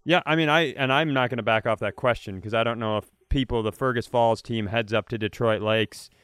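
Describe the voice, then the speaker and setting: A man co-hosting a comedy podcast, with a smooth, clear voice close to a dry-sounding mic. He slips in sarcastic asides and pointed questions with a deadpan touch. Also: mid-range voice, a little fast, dry recording. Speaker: podcast co-host. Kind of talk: casual comedic banter.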